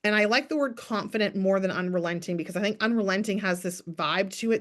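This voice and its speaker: A chatty woman in her thirties gives a lively coaching talk to her sales team. She talks fast and keeps acting out sample messages in a brighter voice. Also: mid-range voice.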